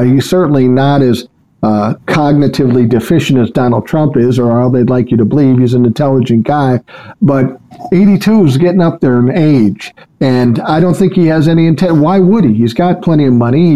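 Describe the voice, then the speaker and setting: An older man from Minnesota, a podcast guest, talking in a calm, measured, low-key way in casual chat. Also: poor audio.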